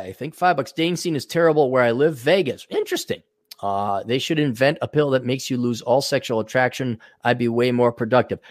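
A man's voice: a little high, no echo, clean studio sound. A man hosting a rambling livestream, talking crudely and ranting, and acting out other people's voices in quotes. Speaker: show host reading superchats.

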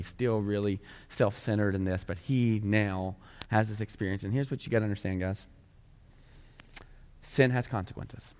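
A man's voice: lowish voice, steady tone, normal speed, a little mellow, clean tone. Man preaching in a reverberant church. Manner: conversational, rhetorical questions. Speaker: pastor. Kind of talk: sermon. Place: church sanctuary.

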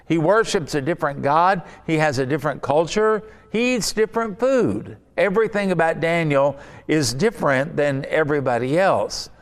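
A man preaching a sermon in a relaxed, conversational teaching style, weaving in personal stories. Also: on the high side, smooth. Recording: long hall reverb.

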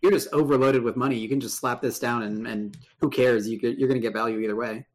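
A man's voice: medium pitch, steady tone, fast talker. An easygoing man co-hosting a casual podcast chat about a card game. He sounds upbeat and agreeable, tossing in ideas as the talk goes. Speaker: podcast co-host.

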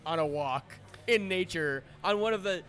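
A man co-hosting a soccer podcast, telling stories in an excitable way with lots of swearing. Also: sits high, normal speed. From Minnesota. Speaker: podcast co-host. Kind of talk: casual sports chat.

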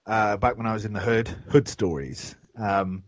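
A man's voice: on the low side, normal speed, no room sound. A man, chatting casually and telling rambling stories with plenty of swearing. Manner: swears a lot, rambling storyteller. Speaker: podcast host. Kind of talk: casual chat.

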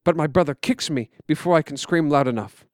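A man telling a story in quiet, measured, scripted narration. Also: on the high side, no echo, clean studio sound.

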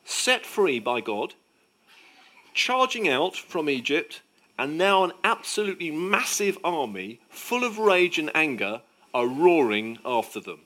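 A man preaching a sermon with emphatic delivery, swinging between loud declarations and hushed moments. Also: fairly high pitch, big pitch swings, a little slow.

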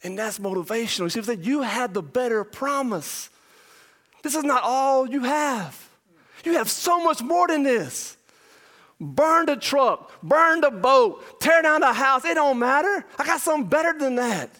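A man, a pastor and father, preaching an impassioned verse-by-verse sermon, shouting much of it and then dropping to a low voice. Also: lively intonation, moderate pace. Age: young adult or middle-aged parent.

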